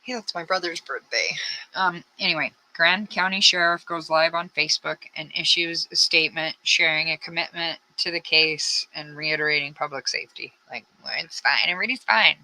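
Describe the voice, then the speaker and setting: A woman's voice: low-pitched, steady tone, normal speed, bright, forceful tone, rough recording. A woman hosting a casual true-crime commentary, rambling with blunt, frustrated asides. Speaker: true crime channel host.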